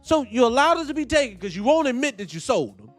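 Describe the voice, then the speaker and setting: A man hosting casual reaction commentary, animated and profane, firing off rhetorical questions. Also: extremely high pitch, fast, soft background music. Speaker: host.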